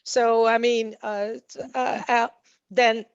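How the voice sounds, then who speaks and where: A woman's voice: on the high side, little pitch movement, slow, clean tone, no room sound. A woman on a panel talks through her points in a loose, conversational way, stopping often for fillers and false starts. The recording is dull and dry, with no room sound around her voice. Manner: hesitant, many fillers and restarts, laughs at own anecdotes. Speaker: panelist at a community meeting.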